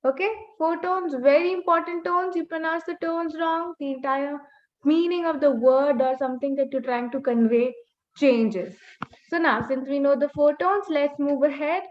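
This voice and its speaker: A woman's voice: high-pitched, moderate pace. A woman teaching a beginner Mandarin lesson online, patiently repeating key points and modeling sounds. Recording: slightly muffled webinar audio.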